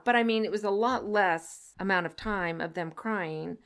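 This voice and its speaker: A woman talks in a relaxed podcast conversation, drawing on her years as a kindergarten teacher. She tells stories vividly and slips into the voices of the children and parents she describes. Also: mid-range voice, moderate pace. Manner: animated storyteller who acts out quoted children and parents.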